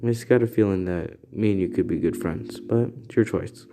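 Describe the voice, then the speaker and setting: A man's voice: deep voice, fairly quick, creaky, noisy background. A man voicing a friendly teen boy hero.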